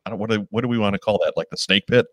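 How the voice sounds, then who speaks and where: A man's voice: on the low side, very fast, fairly bright tone, no echo. A man hosting a casual live video chat show, joking and often restarting his sentences. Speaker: host.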